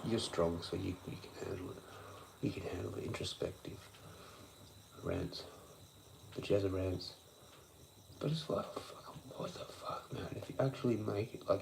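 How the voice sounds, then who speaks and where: A young man with a low, vocal-fried voice rants on a late-night livestream, swearing constantly as he loops through frustrated philosophical musings. There's background noise behind him.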